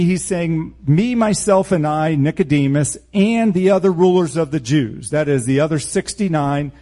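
A man's voice: fairly high pitch, warm tone. A man preaching a verse-by-verse Bible teaching sermon in a blunt, emphatic way, with sarcastic asides.

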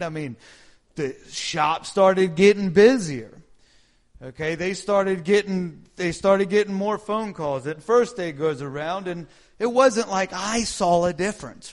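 A middle-aged man giving an informal sermon testimony, asking the listeners questions and acting out his own prayers and reactions. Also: on the high side. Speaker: preacher sharing testimony.

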